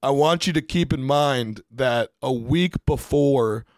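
A man, a podcast producer, telling a story in a casual monologue, animated, swearing and laughing often. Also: medium pitch, takes it slowly, no room sound, studio quality.

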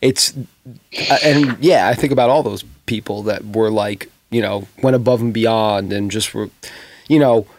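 A man's voice: fairly low pitch, measured pace, no room sound. Blunt New man, dry close sound. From New York. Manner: blunt, swearing, animated retelling. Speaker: podcast co-host, tour crew. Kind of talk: casual chat.

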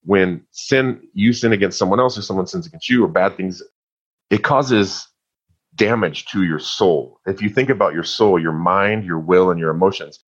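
A man's voice: deep voice, moderate pace, husky. A man telling his personal story in an earnest, heartfelt way, with playful asides. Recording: muffled lo-fi sound.

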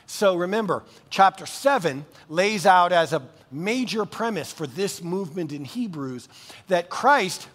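High-voiced animated male pastor. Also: measured pace, big-room sound. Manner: animated, conversational preaching with casual asides. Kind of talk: sermon.

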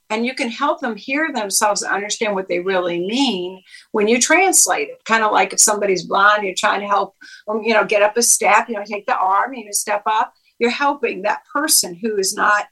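Woman psychologist, bright clear voice, teachy, acts out quotes. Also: mid-range voice, moderate pace, poor audio. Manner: instructive, quizzes the listener, acts out quoted lines. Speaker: clinical psychologist guest. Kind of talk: interview explanation.

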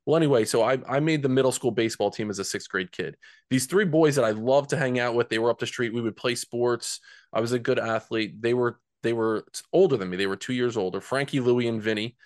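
A man's voice: medium pitch, a little fast, no echo, clean studio sound. A man from New Jersey, a men's coach telling a personal story as a podcast guest, earnest and conversational, often repeating words.

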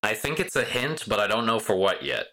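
A man's voice: lowish voice, sing-song, a little fast, sharp tone. A man co-hosting a casual episode recap podcast, wry and profane as he chats. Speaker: podcast co-host.

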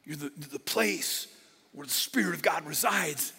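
A middle-aged male pastor with a fairly high, bright and forceful voice delivers a sermon. He swings between lively talk and near-whispered emphasis. His voice carries a long reverb from a large hall. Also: unhurried, creaky, slightly rough. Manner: dynamic, drops to a whisper for emphasis.

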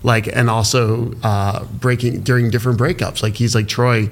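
A man being interviewed as an entrepreneur guest, speaking emotionally and haltingly with lots of fillers. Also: medium pitch, level tone, gravelly. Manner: halting, heavy use of "like" fillers.

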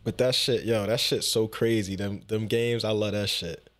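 A man with a fairly low voice chatting casually with a friend. He is loose and slangy, swears freely, and laughs often, talking easily about games he has been to. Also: fairly even intonation, moderate pace, a bit bright. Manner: laid-back, laughs often, slangy and profane. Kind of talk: casual chat.

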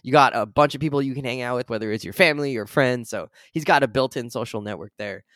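A relaxed man in his thirties co-hosts a casual podcast, rambling easily and laughing often. His voice sits in an ordinary middle pitch. The recording is dry and close, with no room sound. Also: quick pace, dry recording. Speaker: podcast co-host. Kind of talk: casual chat.

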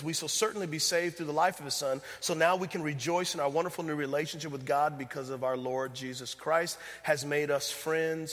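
Passionate preacher in a reverberant hall. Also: male voice, on the high side. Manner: emphatic preaching, swinging from loud to hushed; addresses the congregation directly. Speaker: pastor. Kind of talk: sermon.

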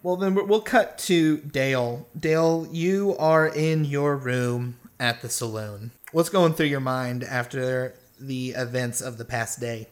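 A man's voice: mid-range voice, unhurried, hardly any pauses. Man narrating as game master. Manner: loose, filler-heavy narration.

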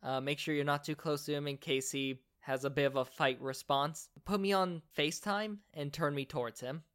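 A man voicing a caring adult man on a phone call, talking someone through a panic in a calm, firm, reassuring way. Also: on the high side, moderate pace, clean tone, dry recording, studio quality, natural voice. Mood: urgent.

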